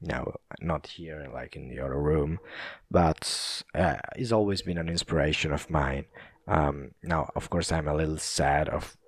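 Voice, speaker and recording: A man's voice: rumbling low, a little slow, no room sound, clean studio sound. A young Italian man with an Italian accent hosting a casual solo podcast, rambling, chuckling and swearing loosely. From Italy. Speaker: podcast host.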